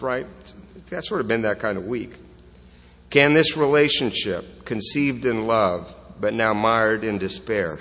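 Husky-voiced man preaching in a reverberant sanctuary. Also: mid-range voice, fairly bright tone. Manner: earnest, conversational preaching with restarts and rhetorical questions. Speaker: pastor. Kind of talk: sermon. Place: church sanctuary. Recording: long reverb of a church hall.

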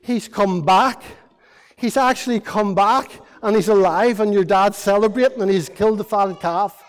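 Eager servant from a parable, plain and explaining, high voice, done by a preacher, echoey hall. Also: male voice, normal speed, clean tone, natural voice. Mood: excited. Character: eager farm servant passing on news.

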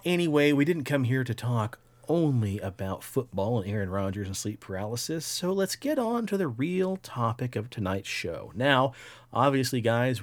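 A young adult man co-hosting a podcast, talking in a laid-back way with casual swearing and fillers. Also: medium pitch. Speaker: podcast co-host.

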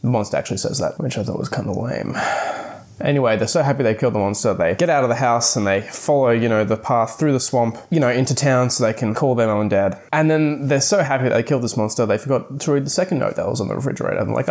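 A man giving a casual, chatty book review with many fillers, talking in quick animated spurts. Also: mid-range voice.

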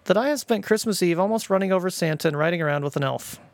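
A man voicing a goofy, excited dad who loudly teases his family. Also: high voice, fast talker, no room sound, voice pushed up. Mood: gleeful. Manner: loud, giddy teasing.

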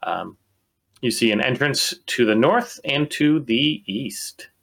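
Male game master; narrates hesitantly with fillers, bright and forceful tone. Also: medium pitch, animated, creaky. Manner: halting, many fillers and restarts.

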